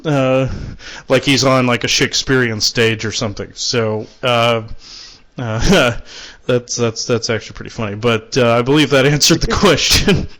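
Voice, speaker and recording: A man hosting a spiritual call-in show, relaying messages in a halting way with many restarts. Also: mid-range voice, fairly bright tone. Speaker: call-in show host and channeler.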